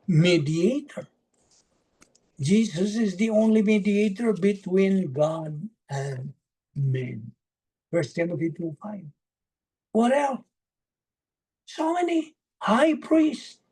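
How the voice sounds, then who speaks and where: Slow, husky Bible study teacher. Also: mid-range voice, dark tone. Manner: asks and answers own questions, lists verse references. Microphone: video call.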